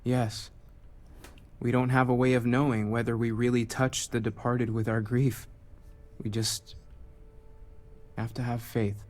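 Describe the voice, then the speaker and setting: A man playing a solemn, flat-voiced mourner. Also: mid-range voice, unhurried, pauses often, lightly acted. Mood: somber. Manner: quiet, philosophical. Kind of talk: video game dialogue.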